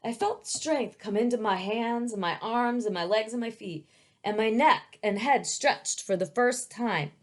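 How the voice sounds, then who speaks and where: A woman reading as a gentle young dragon. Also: on the high side, measured pace, natural voice. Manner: earnest storybook telling. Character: young male dragon born from a painting, eager, gentle.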